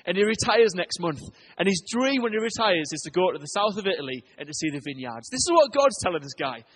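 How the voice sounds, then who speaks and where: A man preaching a sermon to his church, telling stories and swinging between loud urgent lines and hushed ones. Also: sits high, very animated, fast talker, husky. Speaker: pastor.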